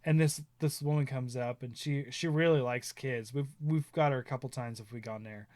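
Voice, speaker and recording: A man's voice: medium pitch, steady tone, normal speed, darkish tone, no room sound. A man in his thirties, chatting casually and telling rambling stories, often laughing and acting out quotes. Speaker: stream host. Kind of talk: casual chat.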